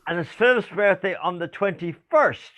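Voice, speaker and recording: A man's voice: high-pitched, expressive, normal speed, bright, forceful tone. An older Irish man, a singer co-hosting a live video show, chatting in a playful, showman's way. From Ireland. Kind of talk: casual chat.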